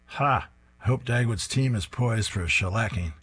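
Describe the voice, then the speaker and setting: A man's voice: on the low side, normal speed, fairly bright tone, slightly rough, soft background music. A man reading aloud and voicing a gloating neighbor who is a football fan in a comic strip.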